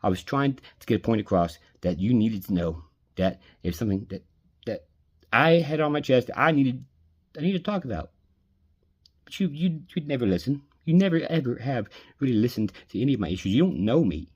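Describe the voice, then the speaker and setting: A man's voice: medium pitch, expressive, a little fast, slightly rough, muffled recording. An adult man venting in an angry personal rant, bitter and aggrieved, swearing often. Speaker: vlogger venting.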